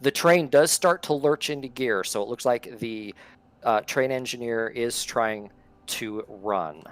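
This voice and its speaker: A man's voice: mid-range voice, a little slow. A man narrating a tabletop game as game master, setting scenes with description.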